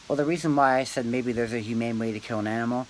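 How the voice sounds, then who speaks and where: A man rambling through a meandering, philosophizing monologue to camera, pausing often and tagging lines with "man" and "dude". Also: medium pitch, fairly even intonation, slight background noise, poor audio. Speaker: vlogger.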